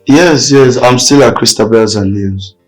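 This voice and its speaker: An actor playing a calm man who reassures his friend while they wait for an agent. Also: medium pitch, faint music behind, close to an everyday voice, low-quality recording. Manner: reassuring, unhurried. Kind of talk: Nollywood film acting.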